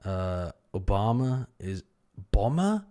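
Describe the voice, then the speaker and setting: A man with a fairly low voice hosts a casual stream, thinking aloud as he works through a puzzle. His pitch swings widely, and he keeps repeating words half under his breath, dropping the odd casual swear. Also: sing-song, slow pace, mellow. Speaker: stream host.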